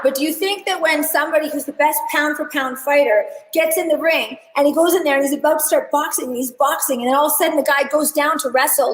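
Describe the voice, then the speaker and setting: A woman teaching a live online hair class, chatty and animated, talking straight to her viewers. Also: sits high, fast, hardly any pauses, roomy sound, rough recording. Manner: chatty, animated storyteller addressing chat. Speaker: hair educator.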